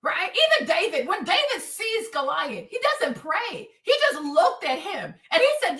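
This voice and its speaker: A woman's voice: very high-pitched, big pitch swings, measured pace, few pauses, fairly bright tone, roomy sound, distant mic. A woman hosting a livestream, talking in an emphatic, repetitive, preachy way. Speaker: livestream host. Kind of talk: preachy casual livestream talk.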